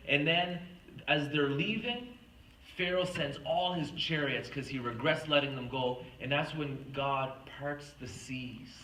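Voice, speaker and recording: Woman retreat speaker, earnest storyteller, bright tone, distant mic with faint room hum. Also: a bass voice, echoey room. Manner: earnest, storytelling, acts out quoted speech. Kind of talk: faith talk to a retreat audience.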